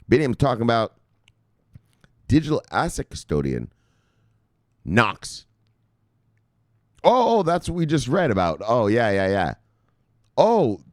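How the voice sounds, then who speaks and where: A man hosting a crypto news show, talking casually and brashly to his viewers, swearing often and reading out viewer shout-outs. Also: fairly low pitch, no room sound, clean studio sound. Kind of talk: casual profane market commentary to viewers.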